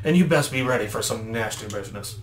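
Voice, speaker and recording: A man's voice: medium pitch, lively intonation, fast talker, natural voice. A man voicing a wise, grandfatherly old male kettle elder who gives warnings, with a put-on voice that keeps shifting. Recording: roomy echo, faint background noise.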